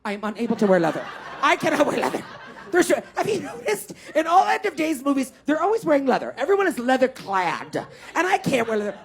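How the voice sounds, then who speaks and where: A middle-aged woman from Canada doing a stand-up comedy set, talking in rapid asides with sudden loud, swearing outbursts. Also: high-pitched. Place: comedy club stage. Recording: echoey room with crowd laughter. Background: audience laughter.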